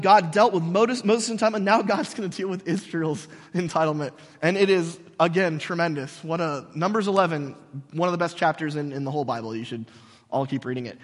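Male pastor, lively and jokey sermon delivery with sarcastic asides, slightly high voice, long hall reverb.

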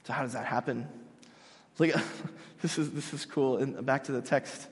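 A man preaching a sermon in an animated way, acting out quotes, with frequent restarts. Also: medium pitch, moderate pace, in a large hall. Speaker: pastor.

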